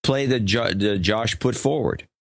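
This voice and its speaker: An older man co-hosting a talk show, grumbling and sarcastic as he picks apart what he hears. His voice sits a little low, and it is recorded close and dry with no room sound. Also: measured pace, gravelly, no echo. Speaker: co-host. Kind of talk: casual chat.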